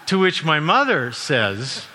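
A middle-aged man from Canada preaching a sermon in a relaxed, conversational way, with frequent fillers and self-corrections. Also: on the high side, slow, background noise. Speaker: university president and former minister. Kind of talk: sermon with personal anecdotes. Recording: long reverb from a large hall.

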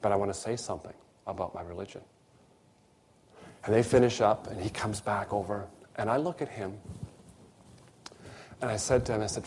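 A man's voice: mid-range voice, a little mellow. A man delivers a sermon in a mid-range voice, weaving a personal story into his preaching. He acts out the voices in the dialogue with animation.

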